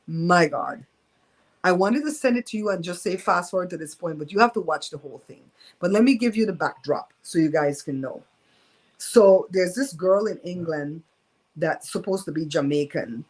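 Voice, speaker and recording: A woman's voice: fairly low pitch, poor audio. A woman hosting a casual live-stream storytime from home, talking in a candid, emphatic and gossipy way. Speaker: host of a live show.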